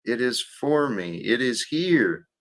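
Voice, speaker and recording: A man's voice: mid-range voice, very animated, takes it slowly, a bit bright. A man hosting a livestream, talking casually and reflectively about faith and life, with some restarts. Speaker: livestream host.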